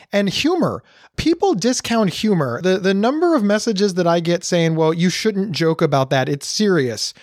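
A man's voice: on the high side, no echo, studio quality. A man hosting a podcast, talking earnestly in a casual way, often restarting his words. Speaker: podcast host.

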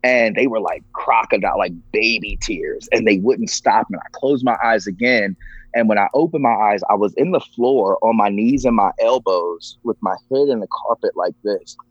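A man's voice: on the low side, moderate pace, breathy edge, no echo. A man sharing a personal story as a podcast guest, earnest and emotional. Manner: earnest, emotional, acts out quoted voices. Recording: dull lo-fi, dry.

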